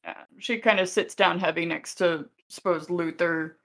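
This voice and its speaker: A woman's voice: lowish voice, fairly even intonation, normal speed, fairly bright tone. A woman playing a tabletop game, hesitantly narrating what her character does. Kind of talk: casual game-table chat.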